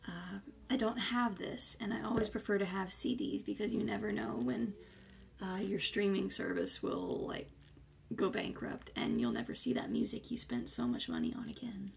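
A woman's voice: medium pitch, animated, normal speed, gravelly. A woman chatting casually as a vlogger, gushing and effusive, with hesitant fillers. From United States. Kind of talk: casual unboxing chat.

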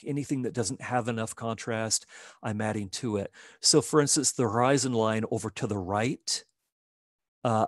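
A man's voice: medium pitch, no echo, clean studio sound. Man narrating a digital painting demo. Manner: relaxed, explaining step by step while painting. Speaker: art instructor.

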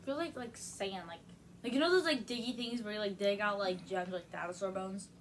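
Female co-reviewer, mid pitch, candid and chatty, casual recording with faint background noise. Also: a little fast. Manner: chatty, says "like" a lot, candid. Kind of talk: casual snack review chat.

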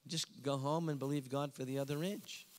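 A middle-aged evangelist preaching a revival sermon, telling animated stories and bursting into squeaky voices for the people in them. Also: male voice, a little fast. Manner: animated storytelling, jumping to squeaky quoted voices. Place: large church hall. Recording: long hall reverb.

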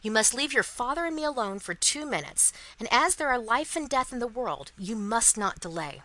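A woman's voice: a little high, lively intonation, normal speed, sharp tone, poor audio. A woman voicing an anxious, commanding old male banker in a storybook reading, giving urgent commands.

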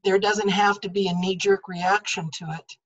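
A woman panelist on a video call, speaking in a slow, measured way. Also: medium pitch, level tone, dull audio.

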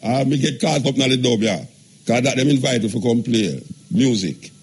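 A Jamaican man hosts a late-night call-in radio show, chatting loosely in patois and joking with callers. His voice is husky, at an ordinary pitch for a man. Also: moderate pace. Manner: relaxed, joking, speaks in patois. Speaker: radio talk show host. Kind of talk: casual call-in radio talk.

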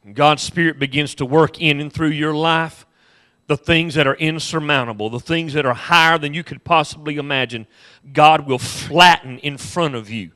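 A man's voice: on the high side, moderate pace, bright, forceful tone. A male pastor preaching a sermon with impassioned repetition and humorous storytelling.

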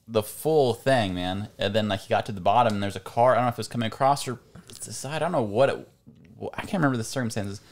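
A man co-hosting a podcast, rambling through a story in casual chat and swearing offhandedly. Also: mid-range voice. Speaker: podcast co-host.

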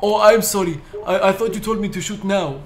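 A man's voice: high voice, a little fast, slight background noise. A man streaming a game, chatting in a playful put-on Arabic-flavored accent and slipping in Arabic words, heard through a headset. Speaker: gaming streamer. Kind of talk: comedic in-character gameplay chat.

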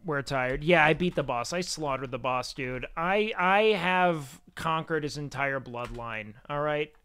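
A young man chatting casually on a game stream, rambling and swearing, with sudden excited outbursts. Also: fairly high pitch, a little slow, clear, resonant tone, no echo. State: sleepy. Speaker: livestreamer. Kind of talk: casual gaming stream chat.

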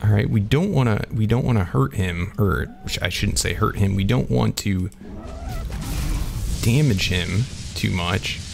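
A man casually commenting on his own gameplay as a channel host, excitable and chatty, talking himself through each move. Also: fairly low pitch, unhurried, gravelly, background noise. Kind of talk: let's-play commentary.

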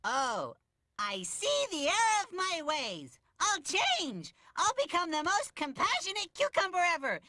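A man voicing a goofy, excitable male cucumber who talks in a silly, dramatic way and is quick to panic. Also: very high-pitched, dry recording, clean studio sound, full character voice. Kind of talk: cartoon voice acting.

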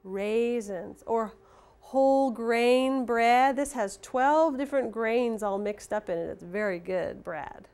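A woman's voice: fairly high pitch, slow pace, clear, resonant tone. A middle-aged woman teaching phonics to young children, showing objects one by one in a patient show-and-tell way. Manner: gets excited calling a pretend horse race. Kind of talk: video lesson for young children.

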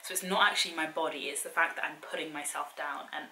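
A woman's voice: deep voice, fairly even intonation, fast, sharp tone. Earnest, chatty young woman. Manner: earnest, chatty, full of "like" and direct challenges. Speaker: fitness and wellbeing vlogger. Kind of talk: casual motivational talk to camera. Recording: echoey room, faint background hiss.

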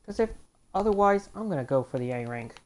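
A woman with a fairly low voice gives casual let's play commentary. She grumbles in exasperation at the game and breaks into sudden outbursts now and then. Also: lively intonation, brisk, darkish tone.

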